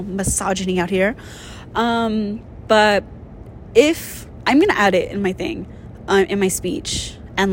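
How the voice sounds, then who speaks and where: A young woman hosts a casual solo podcast in a medium-pitched voice, with a little hiss or hum. She's tearful and emotional, rambling with lots of fillers.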